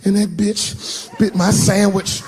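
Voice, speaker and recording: A man's voice: high-pitched, little pitch movement, takes it slowly, a little mellow, pitched above the performer's own voice. A man voicing an indignant young boy who whines and curses, on a noisy live stage recording. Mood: aggrieved. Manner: whiny, defiant, cursing.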